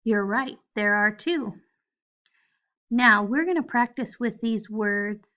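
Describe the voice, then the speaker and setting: A woman's voice: a little high, slow pace, lo-fi sound. A woman teaching a phonics lesson to first graders, patiently spelling out letters one at a time. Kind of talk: recorded phonics lesson for children.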